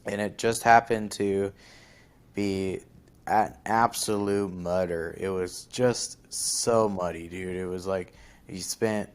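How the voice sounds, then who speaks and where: A young man with a deep, low-pitched voice hosts a casual podcast. He tells a long story in a loose, rambling way, leaning on fillers and likes as he goes. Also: fairly even intonation, slow pace, clean tone. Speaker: podcast host.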